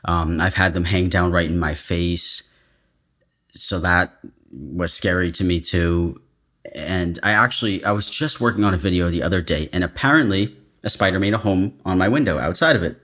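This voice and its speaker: Very low-voiced man, hesitant guest. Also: fairly bright tone. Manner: hesitant, halting, with fillers. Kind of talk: casual chat.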